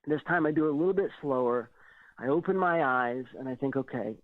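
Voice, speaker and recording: A man guest on a radio show, telling a personal story in an animated, slightly nervous way and acting out what people said. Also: medium pitch, fairly quick, no echo. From California. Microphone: phone. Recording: tinny phone line, dry.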